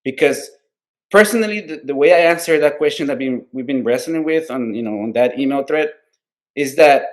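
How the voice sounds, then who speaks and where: A man's voice: medium pitch, moderate pace. A man co-hosting a casual political podcast, talking earnestly and at length, swearing freely and tagging nearly every point with "right?". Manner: earnest, rambling, heavy swearing, constant "right?" tags; heartfelt, openly emotional about his values. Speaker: podcast co-host.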